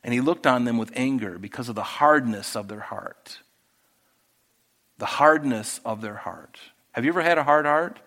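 A man preaching a sermon, who swings from loud, emphatic scripture reading to quiet, intimate asides. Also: mid-range voice, lively intonation, moderate pace. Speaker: pastor.

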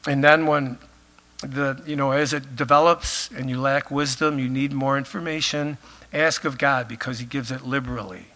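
A man's voice: mid-range voice, steady tone, normal speed, pushed and bright. A male pastor preaching a conversational sermon, full of filler phrases, while losing his voice.

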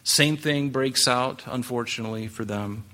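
Bright-voiced male pastor teaching casually. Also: mid-range voice, moderate pace. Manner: conversational Bible teaching with asides and rhetorical questions. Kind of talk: sermon.

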